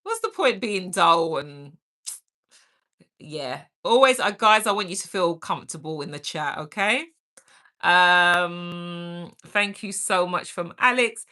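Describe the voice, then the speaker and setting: Woman host, lowish bright voice, slow unhurried chat, energetic and caring. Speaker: livestream host. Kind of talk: casual livestream chat, reading out viewer comments.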